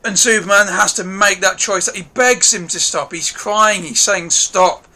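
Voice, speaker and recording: Excitable bright-voiced man reviewing films. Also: high voice, normal speed. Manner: excitable, gushing, swears a lot. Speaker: film reviewer. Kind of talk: casual spoken film review.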